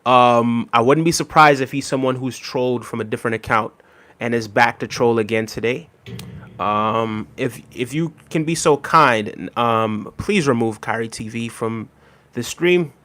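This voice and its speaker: A young adult man streaming live, reading viewer chat with an easygoing manner, many ums and friendly shout-outs. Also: mid-range voice, measured pace.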